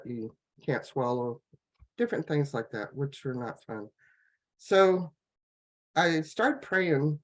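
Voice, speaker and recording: A woman on a laptop video call, telling her personal health story in a rambling, halting way, full of fillers and restarts. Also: very deep voice. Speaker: guest sharing a health testimonial. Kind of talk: casual personal testimony.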